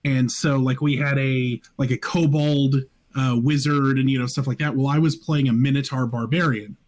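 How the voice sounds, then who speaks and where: A man talking as a guest on a podcast over a voice call, sharing a gaming story in a relaxed, hesitant way. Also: mid-range voice, normal speed. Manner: relaxed, hesitant, many fillers. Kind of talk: casual chat.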